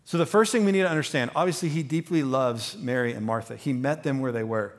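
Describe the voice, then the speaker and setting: A man preaching a sermon as pastor, talking conversationally with many fillers and restarts, growing animated as he goes. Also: mid-range voice, fast.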